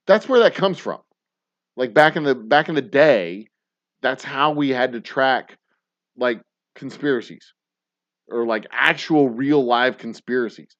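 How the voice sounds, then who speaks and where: A man in his thirties hosting a casual show, ranting profanely, swinging from mumbled asides to loud outbursts. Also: mid-range voice, unhurried, highs cut off. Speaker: podcast host.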